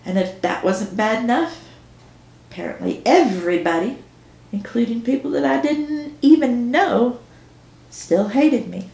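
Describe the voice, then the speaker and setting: A woman's voice: a little high, animated, a little slow, creaky, darkish tone. A woman author reading her own novel aloud in first person, with dry storytelling. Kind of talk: audiobook narration. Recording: roomy echo.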